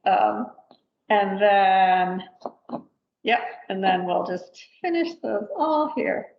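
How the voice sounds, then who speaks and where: A woman leads a live cooking demonstration in a store's demo kitchen, talking casually and thinking out loud with many fillers. Her voice sounds roomy and slightly muffled, like lo-fi livestream audio. Faint background noise sits underneath. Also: mid-range voice, lively intonation, slow. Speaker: cooking instructor.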